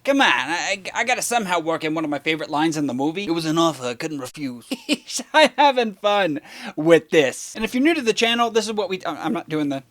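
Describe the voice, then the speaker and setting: A man with a high voice hosts a comedic movie review in a put-on New York accent. His delivery is playful and self-mocking. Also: big pitch swings, fast talker, a bit bright.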